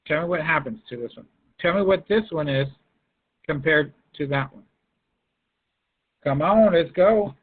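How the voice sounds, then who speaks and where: A man's voice: fairly high pitch, moderate pace, a little hiss or hum. A male math teacher giving an online class over a video call, coaxing students by name to answer in the chat. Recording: tinny phone-like line.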